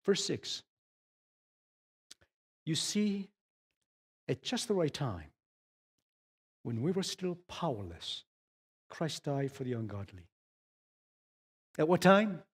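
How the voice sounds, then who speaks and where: A middle-aged male pastor preaching a sermon, moving from hushed storytelling to rising, emphatic questions. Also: mid-range voice, sing-song, takes it slowly, pauses often, husky.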